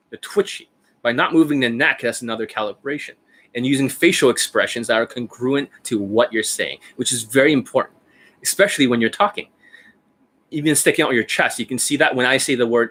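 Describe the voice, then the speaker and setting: A man's voice: medium pitch, a bit bright. A man in his forties, a dating coach, explaining in a blunt, profane, demonstrative casual talk.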